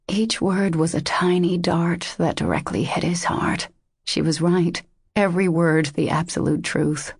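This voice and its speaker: A woman narrating a romance audiobook in a measured, intimate way. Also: lowish voice, gravelly, husky, no echo, clean studio sound.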